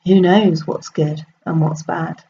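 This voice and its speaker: A woman voicing a calm, wise old male farmer in a told story, speaking slowly and deliberately. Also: a little high, gravelly, lo-fi sound, slight background noise. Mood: serene. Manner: slow, unbothered, deliberate.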